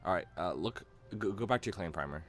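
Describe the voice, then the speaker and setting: A man's voice: low-pitched, lively intonation, quick pace, soft background music. A man streaming a game, chatting casually in a rambling, hesitant way full of fillers. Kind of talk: casual let's-play chat.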